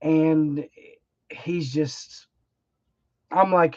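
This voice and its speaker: A woman's voice: low-pitched, slow pace, pauses often, no room sound, highs cut off. A middle-aged woman, chatting on her own livestream in a rambling, emotional, folksy way and laughing often. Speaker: livestream host. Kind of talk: casual heartfelt livestream chat.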